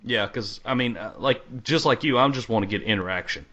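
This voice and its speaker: A man's voice: medium pitch, fairly quick, a bit bright, dull audio. A man hosting a casual interview, easygoing and encouraging as he asks questions. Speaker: host.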